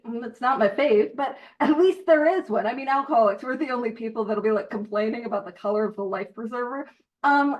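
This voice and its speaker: A woman's voice: a little high, muffled recording. A woman from Canada, a guest speaker giving a casual, jokey recovery talk that goes off on tangents.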